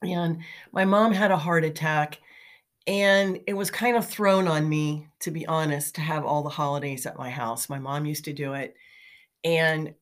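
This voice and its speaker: A woman's voice: deep voice, steady tone, moderate pace. A middle-aged woman talking in a chatty, motivational way, telling anecdotes with fillers and light laughs. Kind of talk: casual motivational storytelling.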